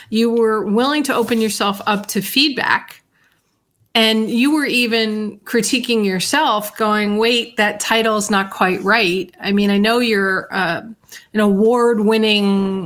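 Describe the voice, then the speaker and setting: A woman's voice: medium pitch, fairly bright tone. Woman, interviewer, conversational, affirming.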